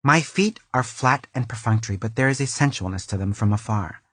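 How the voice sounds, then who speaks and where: A man playing a vain, self-absorbed woman author who reads her florid travelogue aloud in a deadpan comic style, fussing over and restarting her lines in a recording booth. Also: medium pitch, a little fast, husky, no echo, close to an everyday voice. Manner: fussy, florid, keeps restarting and correcting lines. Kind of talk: deadpan comic audiobook reading.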